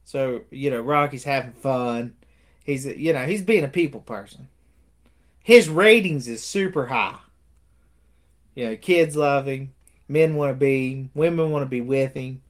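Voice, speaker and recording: Animated man retelling movie scenes. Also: medium pitch, unhurried. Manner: animated retelling, acting out movie lines with laughs. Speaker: podcast co-host. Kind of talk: casual movie review chat.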